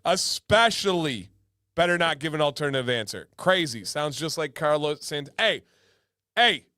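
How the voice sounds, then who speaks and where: A man's voice: on the high side, expressive, moderate pace, pushed and bright, no room sound, clean studio sound. A man hosting a casual livestream, playful and joking, often repeating his lines for laughs. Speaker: livestream host.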